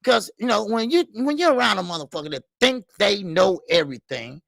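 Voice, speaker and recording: A middle-aged boxing show host with a high, gravelly voice delivers a heated, profane rant. He repeats lines for emphasis and stops to shout out viewers in the chat. The sound is dry and close. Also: lively intonation, a little fast, no echo. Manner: profane, heated, repetitive ranting. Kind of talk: live stream rant reading chat.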